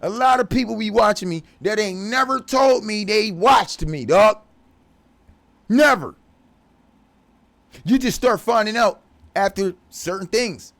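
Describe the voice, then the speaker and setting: A man's voice: high-pitched, unhurried, pauses often, fairly bright tone. A man delivering a profane, confrontational religious rant as a vlogger. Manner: profane, aggressive, preachy.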